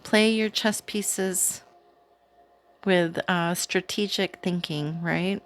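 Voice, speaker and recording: A woman hosting her own channel, giving a casual, chatty spiritual card reading to camera in a slow, soothing way. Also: on the low side, steady tone. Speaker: tarot reader, channel host.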